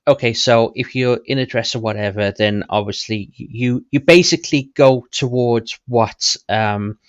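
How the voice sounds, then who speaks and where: A man's voice: mid-range voice, no room sound. Hesitant man on a dull mic. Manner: hesitant, many fillers and restarts, blunt. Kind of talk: casual stream chat.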